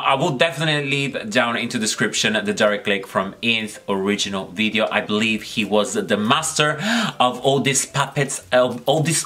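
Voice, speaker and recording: A man's voice: fairly low pitch, bright, forceful tone. A man hosting his own makeup channel, chatting casually to the camera in a giggly, rambling way with lots of fillers. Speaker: makeup vlogger, channel host.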